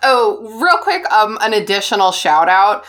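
A young woman hosts a podcast in casual chat. She jokes and makes quick asides as she goes. Her voice sits at a middle pitch. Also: very animated, fairly bright tone. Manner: chatty, joking, quick asides. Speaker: podcast host.

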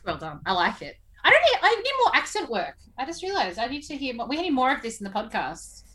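Podcast co-host, woman, playful and excitable, crisp bright tone, swings widely in pitch. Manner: playful, excitable, quick to exclaim. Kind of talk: casual podcast chat.

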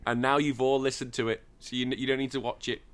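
A man hosts a casual podcast chat, and his voice has a bright, forward ring. He recaps a film with plenty of swearing and mockery, putting on the characters' lines as he goes. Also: mid-range voice, little pitch movement, fast, clean tone. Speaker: podcast host.

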